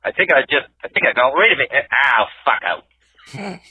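A man's voice: mid-range voice, lively intonation, normal speed, sharp tone, slight background noise. A man leaving a rambling, jokey voicemail in a put-on stereotypical Australian accent. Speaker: voicemail caller. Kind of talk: casual voicemail message. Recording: tinny phone line.

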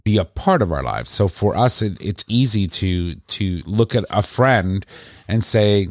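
Low-voiced man musing in casual chat. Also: lively intonation, measured pace, dry recording, clean studio sound. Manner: reflective, conversational. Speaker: podcast co-host.

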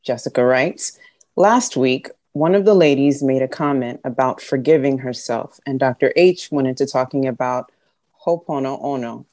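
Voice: medium pitch, moderate pace, darkish tone, no room sound. A co-host on a talk show, cheerfully reading a listener's question aloud.

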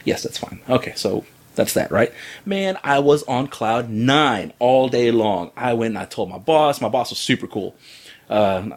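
Man, casual storyteller, lively swooping pitch, acts out quotes, laughs easily. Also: measured pace.

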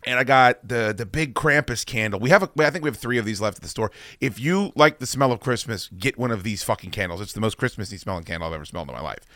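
A man co-hosting a podcast, telling stories in casual chat, profane and animated. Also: medium pitch, no echo, clean studio sound. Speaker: podcast co-host.

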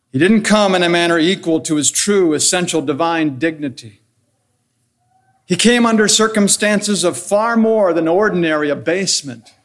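Earnest man preaching a sermon. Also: a little high. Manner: earnest, measured preaching with rhetorical questions and enumerated points. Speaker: pastor.

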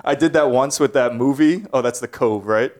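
A man co-hosting a comedy podcast, reading scene directions aloud in a halting way with many pauses and fillers. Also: mid-range voice, darkish tone. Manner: halting, many uhs, slowing to read.

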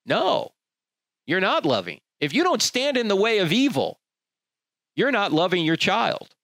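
A male preacher delivers an emphatic, rhetorical sermon. His fairly high voice swoops with lively intonation. The recording is dry, with no room echo. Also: unhurried. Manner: emphatic, rhetorical, acts out quoted people.

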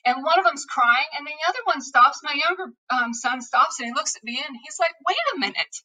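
A woman host opens her show with a heartfelt, impassioned monologue. Her voice is high and bright. She sits somewhat back from the microphone. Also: a little fast, distant mic, poor audio. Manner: earnest and impassioned, repeats calls to action. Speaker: podcast host.

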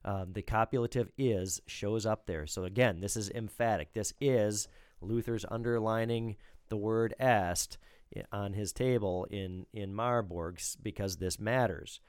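Male pastor, low voice, dry recording, emphatic teacher. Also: unhurried, clear, resonant tone, dry recording. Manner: explanatory, lecturing, emphatic. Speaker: pastor, co-host. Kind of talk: theological discussion.

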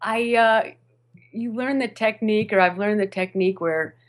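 A woman who narrates audiobooks, chatting animatedly in an interview, with fillers and quick restarts. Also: mid-range voice. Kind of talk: podcast interview chat. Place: home studio over a video call.

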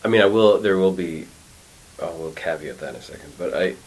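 A middle-aged man, an actor and acting teacher, chatting in an interview, animated and full of restarts as he acts out quotes. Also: deep voice, a little fast, slightly rough, low-quality recording. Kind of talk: casual interview conversation. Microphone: studio mic.

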